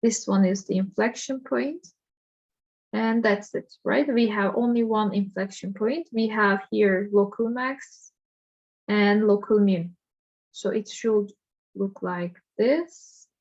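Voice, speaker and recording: A woman teaching a math lesson, working through an example step by step and thinking aloud with frequent pauses and fillers. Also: medium pitch, steady tone, highs cut off. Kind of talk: slow worked-example lesson.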